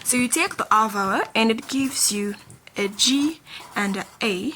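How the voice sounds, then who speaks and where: Bright-voiced woman teaching a lesson. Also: a little high, lively intonation, a little hiss or hum. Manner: patient, repeats sounds slowly while writing. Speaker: Korean teacher. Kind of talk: beginner language lesson.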